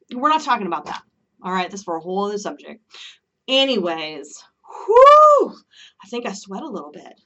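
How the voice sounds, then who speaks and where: A woman's voice: mid-range voice, fairly bright tone, distant mic. Fired-up woman ranting, a bit off-mic. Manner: emphatic, ranting, keeps asking "okay?". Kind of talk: impassioned solo monologue.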